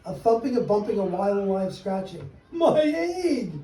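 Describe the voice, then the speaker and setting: A man's voice: high voice, steady tone, a little fast, warm tone. A man telling a rhyming story to children and leading a sing-along, with a playful, teasing way of coaxing them to join in. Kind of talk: rhyming read-aloud and sing-along with kids. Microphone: distant mic. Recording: echoey room, distant mic, background noise.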